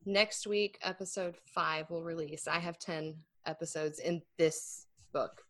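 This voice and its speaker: Low-voiced woman author, dry close sound. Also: fairly even intonation, measured pace, no echo. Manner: chatty, laughs easily, self-deprecating. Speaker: author and guest. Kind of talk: casual interview chat and book reading.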